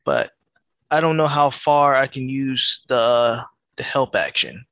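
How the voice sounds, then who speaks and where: A man playing a tabletop role-playing game, talking casually and thinking out loud in halting bursts. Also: mid-range voice, sing-song, no room sound. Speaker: player.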